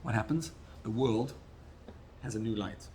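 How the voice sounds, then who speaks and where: A man, a rabbi, giving a Torah class sermon, teaching in an animated way with Hebrew and Yiddish terms. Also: lowish voice, a little slow, slight background noise.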